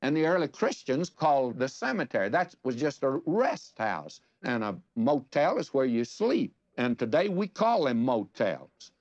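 A man's voice: mid-range voice, sing-song, measured pace, hardly any pauses, a little mellow, no echo. An older man preaching a sermon in a folksy storytelling way, asking rhetorical questions. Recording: dull lo-fi sermon recording.

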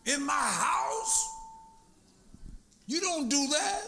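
A man with a high, bright voice preaches to his congregation. He mixes personal stories with emphatic, conversational delivery. The voice is forceful. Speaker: pastor. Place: church sanctuary.

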